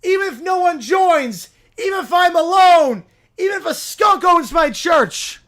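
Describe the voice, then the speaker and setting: A man playing a shrill, ranting pizza-cult preacher. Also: animated, measured pace, fairly bright tone, raised voice, full character voice. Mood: ranting outrage. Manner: shrieking, indignant, ranting.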